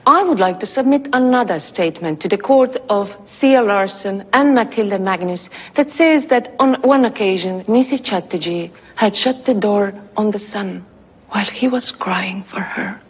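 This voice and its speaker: Cold state lawyer, long reverb, dulled sound. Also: female voice, mid-range voice, expressive, normal speed. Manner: crisp, formal objections. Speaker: prosecuting lawyer. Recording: muffled film audio, reverberant courtroom.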